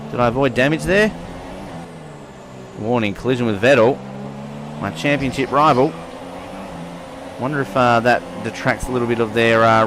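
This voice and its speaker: A young man giving casual, chatty commentary over his racing game career, swearing now and then and getting excited at the starts. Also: medium pitch. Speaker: gaming channel host. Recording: game engine noise behind voice.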